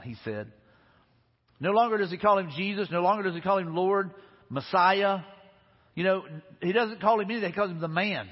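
A man preaches in a husky, somewhat high voice, earnest and conversational, often repeating his key lines. His sermon is recorded in a large hall with long reverb. The sound is muffled and lo-fi. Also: a little fast. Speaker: pastor. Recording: dull, echoey hall recording.

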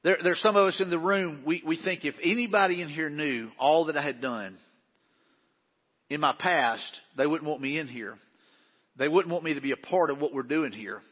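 Folksy pastor in a reverberant hall. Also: male voice, a little high, husky. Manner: folksy, conversational with frequent restarts. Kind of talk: sermon. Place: large church hall. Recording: muffled hall recording with long reverb.

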